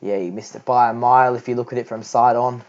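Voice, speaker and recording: A young man doing an impression of an excitable Australian cricket TV commentator, loud and climbing higher with each replay. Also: fast talker, natural voice. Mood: excited. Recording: dull lo-fi recording.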